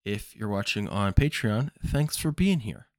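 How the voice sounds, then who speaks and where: A man's voice: lowish voice, expressive, a little slow, no echo, studio quality. A man hosting a baseball podcast, giving casual opinionated commentary and thinking aloud with frequent ums. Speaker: podcast host.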